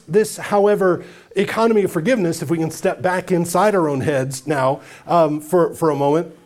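A man's voice: high-pitched, a little mellow. A male pastor delivers an emphatic sermon in a slightly raised register, building his points through long lists. He keeps turning to the congregation with direct questions, in an earnest, searching tone. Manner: speaks straight to the congregation with questions.

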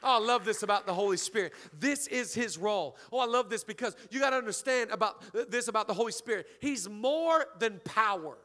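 High bright-voiced preaching man. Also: fairly quick, hardly any pauses. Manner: energetic, joking, calls out to the congregation. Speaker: pastor. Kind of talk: sermon.

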